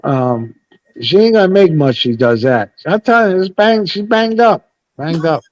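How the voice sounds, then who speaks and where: A man's voice: a little high, animated, unhurried, no echo. A man in a casual live chat, telling stories in a blunt, profane, rambling way. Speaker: panel host.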